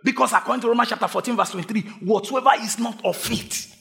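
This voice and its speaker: A male pastor delivering a sermon, calling out to the congregation and urging them to shout back. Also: extremely high pitch, quick pace, creaky. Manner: call-and-response preaching, urging the congregation to shout. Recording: long hall reverb.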